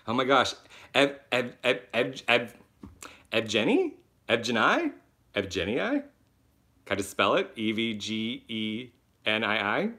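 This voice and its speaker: A man hosting a live question-and-answer stream, chatting casually and animated, a little sick, talking at home into a laptop mic. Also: medium pitch. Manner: chatty, animated, quick asides and self-mocking laughs. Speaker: web series creator and host.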